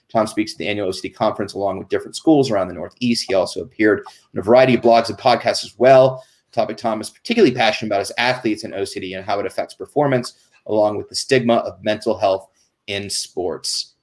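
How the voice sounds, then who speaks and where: A man's voice: fairly low pitch, darkish tone. A man hosting a casual live stream, chatty and greeting viewers, often stumbling and restarting his words. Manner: reads off viewer names and disclaimers quickly. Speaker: host.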